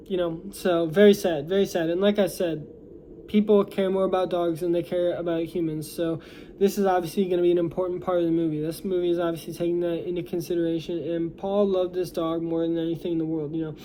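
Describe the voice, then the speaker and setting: A man's voice: high-pitched, little pitch movement, fairly quick, mellow, a little hiss or hum. A young American man recapping a movie plot in a casual, rambling way, full of fillers and restarts. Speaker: movie reviewer.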